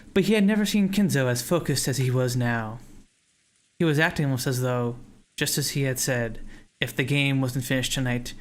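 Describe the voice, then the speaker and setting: Man narrating a visual novel on stream. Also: medium pitch.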